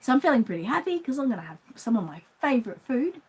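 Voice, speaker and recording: A woman's voice: fairly high pitch, very animated, quick pace, a little mellow, husky, low-quality recording. Chatty Australian woman telling a story. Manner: chatty, rambling, acts out the voices in her anecdotes. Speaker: reborn doll shop owner. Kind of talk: casual storytelling vlog.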